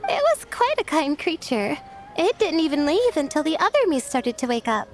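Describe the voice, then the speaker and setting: A woman voicing a shy, sleepy young scholar in a video game, soft-spoken and hesitant. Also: high-pitched, very animated, normal speed, faint music behind. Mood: calm. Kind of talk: game voice acting.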